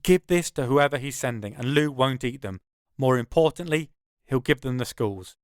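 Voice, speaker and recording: A man's voice: mid-range voice, moderate pace, clear, resonant tone, dry recording, studio quality. A man, narrating his own first-person audiobook in a wry, conversational way.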